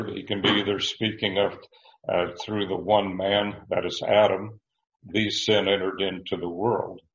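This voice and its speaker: A man with a very low voice teaches through a Bible passage verse by verse. He speaks haltingly, restarting phrases and clearing his throat. The recording sounds roomy and a bit dull. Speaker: preacher.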